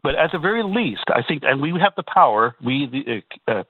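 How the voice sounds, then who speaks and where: A man's voice: medium pitch, very animated, normal speed, breathy edge, dry recording. A man from Canada calling in to a radio talk show, talking emphatically with repeated words and rhetorical asides. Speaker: caller. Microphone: telephone. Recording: tinny phone line.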